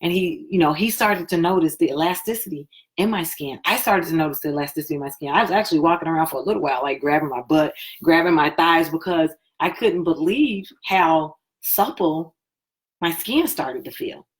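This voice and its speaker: Woman telling her story, lowish voice. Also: fairly quick. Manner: chatty, animated, acts out quoted talk. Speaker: live stream host. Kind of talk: casual personal storytelling.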